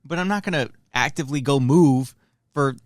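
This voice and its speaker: A man co-hosting a podcast in casual chat, wry with quick banter. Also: mid-range voice, dry recording, studio quality. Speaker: podcast co-host.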